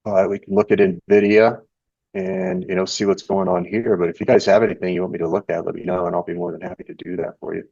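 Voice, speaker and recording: Deep-voiced man chatting on a stream. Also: quick pace, slightly rough, dry recording. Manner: relaxed and rambling, reading chat and charts aloud. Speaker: live trading show host. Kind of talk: casual live-stream chat. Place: home indoors. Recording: dull, dry lo-fi stream audio.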